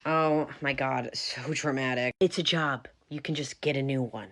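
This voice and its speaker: A woman's voice: very deep voice, fairly even intonation, normal speed, a bit bright. A woman voicing a rude, spoiled young woman who manages events, snippy and dismissive. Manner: snippy, dismissive, eye-rolling.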